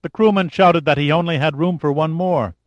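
A man's voice: on the high side, a little fast, no room sound, highs cut off, voice pushed up, lightly acted. A man reading a shaken woman survivor, lifting his voice for her. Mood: urgent. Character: shaken young woman rescued from the sea.

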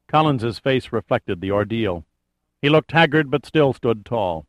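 A man's voice: medium pitch, expressive, normal speed, no echo. Man narrating a thriller, dry and close. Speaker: audiobook narrator.

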